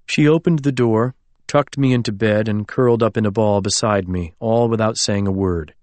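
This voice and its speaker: A man reading a novel aloud as an audiobook narrator, in a measured, literary storytelling manner. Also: lowish voice, a little mellow, no echo. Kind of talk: scripted narration.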